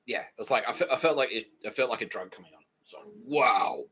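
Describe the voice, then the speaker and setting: A man's voice: medium pitch, animated, racing, bright, forceful tone, husky. A man hosting a comedy podcast, rambling through a story, swearing freely and acting out the voices he quotes. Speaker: podcast host.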